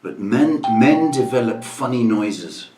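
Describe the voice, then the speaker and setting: A man's voice: medium pitch, lively intonation, takes it slowly, mellow, distant mic, faint music behind. A middle-aged man hosting a casual livestream chat, grumbling and mock-dramatic in a dry way. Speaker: livestream host. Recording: echoey room, off-mic, faint noise.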